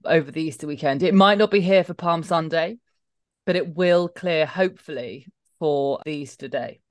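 A woman from London co-hosting a podcast, chatting casually and telling animated anecdotes, jumping into voices for the people she quotes. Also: low-pitched, normal speed, dry recording, clean studio sound. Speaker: podcast co-host. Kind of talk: casual chat, storytelling.

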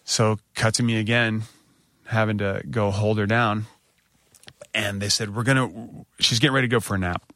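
A man telling a long personal story in casual chat, raspy from a cold and animated, jumping his voice up high when he quotes people. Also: normal speed, dry recording, clean studio sound. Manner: animated, acts out quoted lines in a higher voice.

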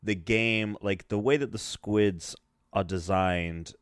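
A man's voice: fairly low pitch, takes it slowly, smooth, no room sound, studio quality. A man in his twenties reviewing games in casual podcast chat, explaining at length with fillers. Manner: relaxed, rambling explanations with fillers. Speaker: podcast co-host, game reviewer.

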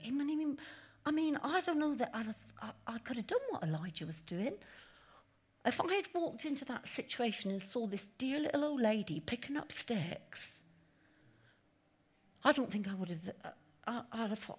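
A woman's voice: fairly high pitch, normal speed, slightly rough. A woman giving a conversational sermon at a church meeting, with chatty asides and acted-out quotes. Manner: chatty, animated, laughing asides, acting out quotes. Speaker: preacher.

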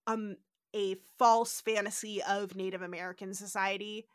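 A woman hosting a podcast in casual chat, animated as she recaps a TV episode and acts out lines. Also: medium pitch, moderate pace, clean tone, no room sound. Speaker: podcast host.

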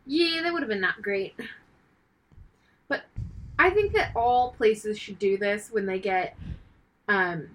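A woman co-hosting a casual chat, playful with quick reactions. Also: mid-range voice, animated, a bit bright, slight background noise, low-quality recording. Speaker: podcast co-host.

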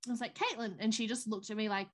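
A woman's voice: fairly high pitch, fairly even intonation, quick pace. A woman, co-hosting a podcast in casual chat, telling stories animatedly and acting out the voices of people she quotes. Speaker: podcast co-host.

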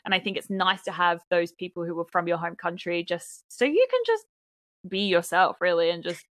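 A woman from Brisbane with an Australian accent, co-hosting a podcast in relaxed casual chat with many "like" fillers. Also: fairly low pitch, fairly quick, no echo. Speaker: podcast co-host.

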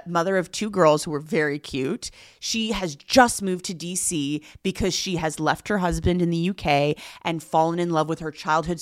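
A woman's voice: low voice, no room sound, clean studio sound. A woman co-hosting a casual podcast, chatting and gossiping about reality TV and laughing often. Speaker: podcast co-host. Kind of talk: casual chat recapping reality TV.

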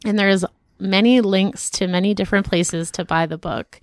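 A woman co-hosting a podcast and chatting casually, wry and quick to laugh. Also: mid-range voice, fairly even intonation, dry recording, clean studio sound. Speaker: podcast co-host and author. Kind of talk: casual chat.

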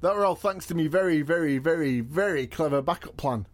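A man's voice: on the high side, fairly quick, dry recording, lightly acted. An actor playing a cocky, evasive, washed-up male wrestling champion in a comedy audio drama. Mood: boastful. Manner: blustering and boastful, with sudden panicked yelps.

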